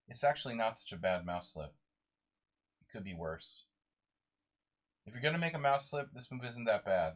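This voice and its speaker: A man's voice: lowish voice, lively intonation, normal speed, pauses often. A sleep-deprived man streaming a live chess game, muttering moves to himself and chatting with viewers.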